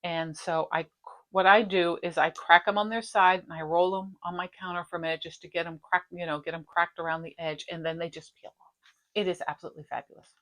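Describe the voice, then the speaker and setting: A woman's voice: lowish voice, fairly even intonation, fairly quick. A middle-aged woman hosting a stitching vlog, chatting casually and rambling from one topic to the next. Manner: chatty, rambling, warm-hearted. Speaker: flosstube host. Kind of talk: casual chat.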